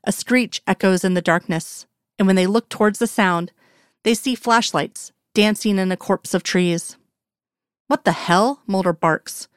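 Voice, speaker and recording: A woman reading a story aloud in an even, measured narration. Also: medium pitch, clean tone, dry recording, clean studio sound. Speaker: reader. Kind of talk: storytelling narration of fan fiction.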